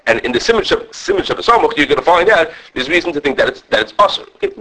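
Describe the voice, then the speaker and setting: A man teaching a Torah class in a high, animated voice. He rushes through his points and keeps restarting his sentences. He scatters "okay" and Hebrew and Yiddish terms through his English. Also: creaky, rough recording. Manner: often restarts and checks in with "okay". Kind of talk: animated halachic lecture with students.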